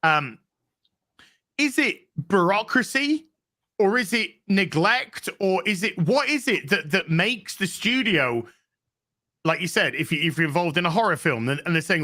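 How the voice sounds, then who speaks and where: A man's voice: sits high, expressive, a little slow, sharp tone. A man hosting a casual podcast chat, stumbling over restarts and piling up rhetorical questions.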